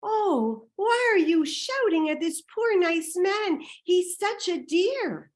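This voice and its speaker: A woman storyteller voicing a prim, meddling woman bystander in a high, fussy, dismissive voice. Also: sing-song, slow, exaggerated voice.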